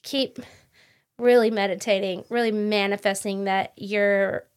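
A woman's voice: medium pitch, steady tone, measured pace, clean tone. A woman co-hosting a casual book podcast, chatty and rambling, often breaking into laughter. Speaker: podcast co-host.

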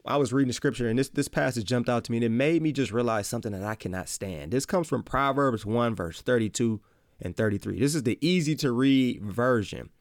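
A man with a Midwestern accent hosting a casual faith podcast, talking excitably in slang and repeating his phrases. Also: mid-range voice, a little fast, no echo, studio quality. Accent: Midwestern American. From American Midwest. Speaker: podcast host.

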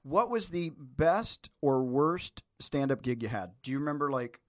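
A man's voice: on the high side, expressive, a little slow, dry recording. Easygoing male podcast host, dry sound. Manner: easygoing, asks probing questions. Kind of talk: casual podcast conversation.

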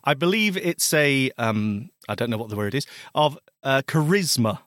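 A man's voice: medium pitch, expressive, normal speed, a bit bright, dry recording, studio quality. A man co-hosting a casual tech chat podcast, teasing and playful, laughing easily.

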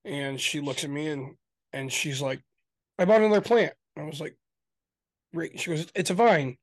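Man, high voice, Michigan accent, exasperated, swearing, casual podcast chat. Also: normal speed, no echo. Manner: exasperated, swears a lot, laughs often. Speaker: podcast co-host.

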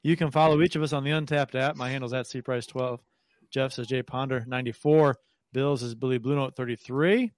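A man's voice: medium pitch, fairly even intonation, brisk, no echo. Dry-voiced joking podcast host man. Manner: joking, teasing, with restarts. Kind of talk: casual chat.

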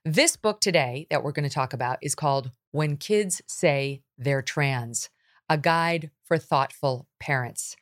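Blunt woman talk-show host. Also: low voice. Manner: blunt, animated, quick to laugh.

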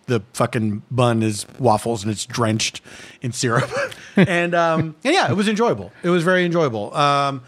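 A man's voice: medium pitch, animated, normal speed. A man from Philadelphia, a guest on a comedy podcast, giving blunt opinions in a dry, emphatic way. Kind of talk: casual comedic chat.

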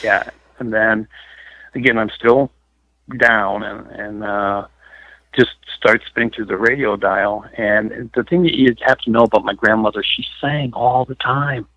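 A middle-aged man, appearing as a guest on a phone interview, tells emotional stories about his work as a paranormal investigator, rambling and using lots of fillers. His voice is fairly low and a little slow, with fairly even intonation and a pushed, bright quality. There is no echo, and the phone line sounds dull and lo-fi.

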